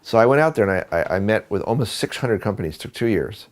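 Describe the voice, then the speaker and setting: A photographer telling a story in an interview, speaking conversationally with fillers and restarts. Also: male voice, on the low side, fast talker. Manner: animated, acts out quoted dialogue. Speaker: photographer and book producer.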